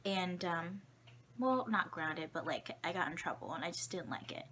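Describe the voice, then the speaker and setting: A woman's voice: on the low side, animated, normal speed, fairly bright tone, a little hiss or hum. A young woman telling childhood stories to camera in a chatty, rambling, self-mocking way. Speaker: vlogger. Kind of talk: casual storytelling to camera.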